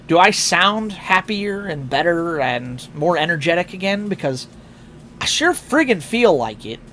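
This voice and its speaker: A man's voice: high voice, very animated, unhurried, pushed and bright, a little hiss or hum. A tired man chatting casually on a live stream through a headset, rambling with fillers and restarts. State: tired, yawning.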